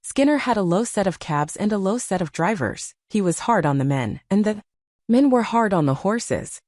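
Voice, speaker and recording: A woman narrating an audiobook in a measured storytelling manner. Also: medium pitch, animated, a little mellow, no echo, studio quality. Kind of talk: scripted narration.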